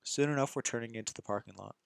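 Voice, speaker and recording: A man's voice: medium pitch, rapid-fire, vocal fry, clean tone, dry recording. A young man narrating a visual novel in first person, reading casually and often stumbling and restarting lines.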